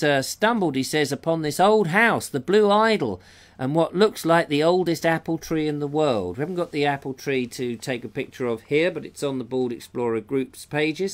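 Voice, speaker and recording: A middle-aged man hosts a live show in a chatty, rambling way. He often stops to correct himself as he goes. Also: mid-range voice. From England. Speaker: show host reading out viewers' photos. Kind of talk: casual live show chat.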